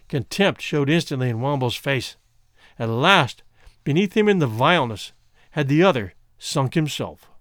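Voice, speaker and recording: Male storyteller, audiobook narration, pitch moving widely, dry close recording. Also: animated, moderate pace, dry recording.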